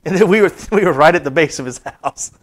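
A man in his fifties preaching a sermon, swinging between soft low asides and high, rising emphasis as he reads scripture and tells stories. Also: animated, quick pace. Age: 50s.

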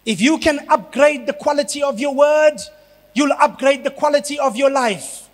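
A man from South Africa, a pastor preaching a sermon, building up to shouted emphasis. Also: very high-pitched, normal speed. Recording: long hall reverb.

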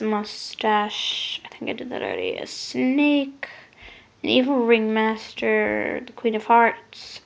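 A young woman with a somewhat high, gravelly voice chats loosely in a casual vlog, drifting off into quiet mutters between thoughts. The sound is dull and lo-fi, as if captured on a phone. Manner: rambling, trails off into soft mutters. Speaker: makeup vlogger. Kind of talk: casual rambling vlog chat. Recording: lo-fi phone recording.

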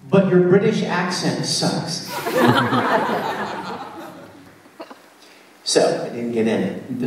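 A man speaking on a convention panel, telling lively stories to fans and laughing often. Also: a little high. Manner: animated storyteller, laughing often. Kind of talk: live convention panel talk. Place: large convention hall. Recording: far-off echoey hall recording, faint crowd noise.

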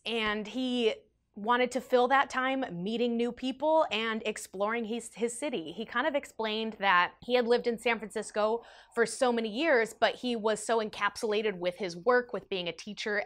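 A young woman vlogger telling a personal story in an animated, emotional way, with big swings in her voice. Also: on the high side, normal speed. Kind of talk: storytime vlog.

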